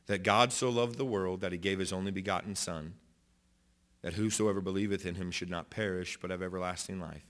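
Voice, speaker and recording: A man preaching a sermon as pastor in a church auditorium, impassioned, moving between loud declarations and quiet storytelling, with frequent restarts and repeated phrases. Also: sits low.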